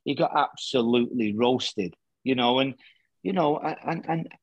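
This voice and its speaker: A middle-aged man, a former footballer, chatting casually as a guest and telling lively anecdotes in which he acts out the quoted dialogue. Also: mid-range voice, a little slow, no echo, muffled recording. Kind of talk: casual storytelling chat.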